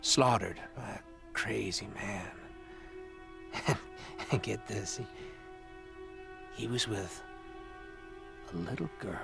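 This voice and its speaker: An actor playing a soft-spoken, menacing middle-aged man who leads a group, his quiet voice breaking a little, in a video game. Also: on the low side, slow pace, creaky, pauses often, over music, full character voice. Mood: sinister. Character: calm menacing middle-aged male cult leader.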